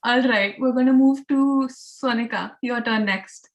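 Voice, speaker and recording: A woman's voice: on the high side, a little slow. Upbeat woman leading a session. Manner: upbeat, encouraging, chatty. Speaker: keynote speaker leading an activity. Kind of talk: online club session hosting.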